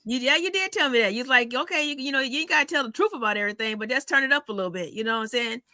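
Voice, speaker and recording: A woman comedian telling stories in a casual chat, animated and salty, acting out the people in them. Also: high-pitched, very fast, dry recording. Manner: animated storyteller, acts out voices, swears freely.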